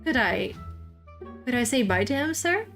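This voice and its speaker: A woman's voice: high-pitched, big pitch swings, normal speed, a bit bright, faint music behind, pitched above the performer's own voice, full character voice. Woman doing a stammering tearful giant. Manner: stammering, sobbing. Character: huge tearful male half-giant groundskeeper.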